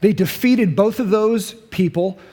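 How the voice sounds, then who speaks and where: A man preaching a sermon as pastor, animated and acting out the voices of the people he quotes. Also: sits high, measured pace. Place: church sanctuary. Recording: long hall reverb.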